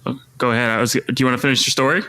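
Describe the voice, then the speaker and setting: A man co-hosting a podcast in a relaxed, casual way, steering the talk and introducing segments. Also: medium pitch, rapid-fire. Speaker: podcast co-host.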